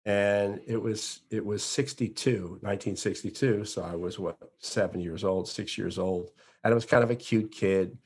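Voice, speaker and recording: A man's voice: fairly low pitch, normal speed, husky. Talkative man in his sixties telling stories. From Florida, USA. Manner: animated storyteller with frequent restarts. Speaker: guest, entertainer. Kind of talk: interview conversation.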